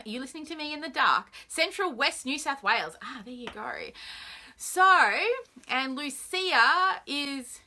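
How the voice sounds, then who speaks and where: A woman's voice: high-pitched, bright, forceful tone. Bubbly Australian woman live-streaming. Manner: bubbly, chatty, greets viewers by name. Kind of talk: casual live-stream chat to viewers.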